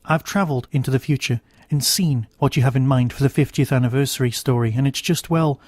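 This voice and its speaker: A man's voice: mid-range voice, brisk, darkish tone, no echo, natural voice. A man doing a pleading alien time traveller. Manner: earnest, pleading.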